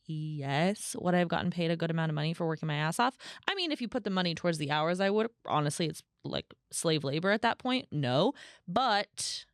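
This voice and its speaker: Chatty woman podcaster, smooth dry voice. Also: fast, no room sound. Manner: chatty, animated storytelling with frequent "like" and swearing; acts out quoted voices in a higher pitch. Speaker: podcast host. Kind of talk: solo podcast monologue.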